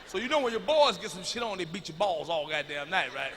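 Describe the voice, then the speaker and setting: A man telling a profane story on stage as a stand-up comedian, loud and animated. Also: high voice, fast talker, a little hiss or hum. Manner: loud, animated, swearing freely. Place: comedy stage before an audience. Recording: reverberant live hall recording.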